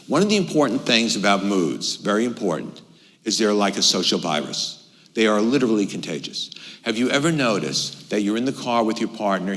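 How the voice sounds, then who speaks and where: Middle-aged male workshop presenter, lively lecture with rhetorical questions, somewhat low voice, long hall reverb. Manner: animated, fires off rhetorical questions and personal anecdotes.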